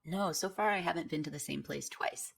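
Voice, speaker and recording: A woman's voice: sits low, fairly quick, creaky, breathy edge. A young woman guest on a podcast, candidly telling a vivid personal story in a casual way.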